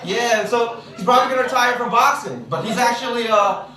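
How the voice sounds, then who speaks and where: Young man from the Philippines, high and lively stand-up comic, roomy distant club sound. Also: fairly quick. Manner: animated, shouting punchlines, crowd work. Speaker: stand-up comedian. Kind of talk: stand-up comedy set. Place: comedy club stage. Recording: echoey club recorded from far off with noise.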